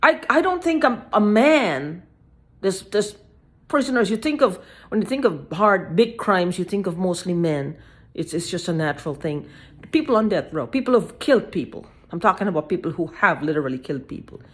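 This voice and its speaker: A woman in an agitated personal video monologue, halting and repetitive, with frequent swearing and repeated phrases. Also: fairly low pitch, animated.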